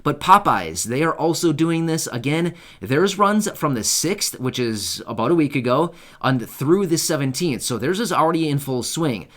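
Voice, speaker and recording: A man's voice: fairly high pitch, lively intonation, normal speed, few pauses, a bit bright. Chatty man hosting a news channel. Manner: chatty and informal, many fillers and asides, checks in with "right?". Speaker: YouTube host covering benefits news. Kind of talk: casual talk to camera.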